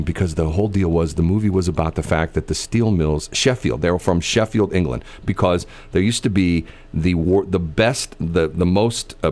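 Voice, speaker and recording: A man's voice: sits low, a little mellow. A middle-aged man from the American Midwest chatting casually, rambling through stories with many fillers and restarts.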